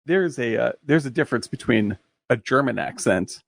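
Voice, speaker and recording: A man co-hosting a casual movie podcast, excitable, laughing often and swearing as he talks. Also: mid-range voice, normal speed, vocal fry, no room sound. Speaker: podcast co-host.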